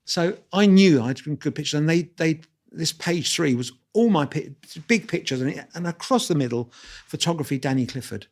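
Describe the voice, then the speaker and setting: A man, telling lively anecdotes as an interview guest and restarting his sentences often. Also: fairly high pitch, brisk. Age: 60s. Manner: animated anecdotes with quoted voices and restarts. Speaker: guest photographer. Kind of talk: storytelling interview.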